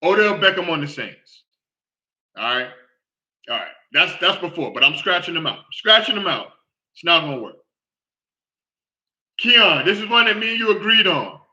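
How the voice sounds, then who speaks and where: Animated man hosting a sports talk show. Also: high voice, a little slow, long pauses, highs cut off. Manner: animated, repeats himself, keeps asking "all right?".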